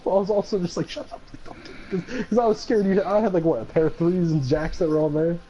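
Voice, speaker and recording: A man's voice: high-pitched, fast, mellow, lo-fi sound, a little hiss or hum. A man streaming a game with friends, talking in a profane, mock-angry rant broken up by laughter and put-on voices of others. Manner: puts on quoted voices of others. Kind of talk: casual gaming chat.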